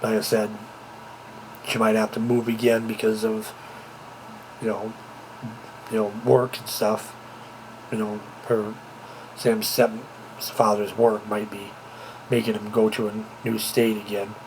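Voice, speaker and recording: A man's voice: on the low side, level tone, unhurried, pauses often, a little mellow, a little hiss or hum, low-quality recording. A man talking casually to camera at home, rambling and repeating himself with lots of fillers. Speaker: vlogger. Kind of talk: casual home video chat. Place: at home, indoors. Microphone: handheld camera, moving about.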